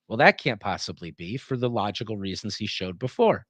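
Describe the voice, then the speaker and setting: Lively-voiced man giving a lecture. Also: on the low side, fairly quick, hardly any pauses, dry recording. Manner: checks in with rhetorical questions; acts out example sentences in changing tones. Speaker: philosophy lecturer. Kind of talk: lecture reading and explaining a text.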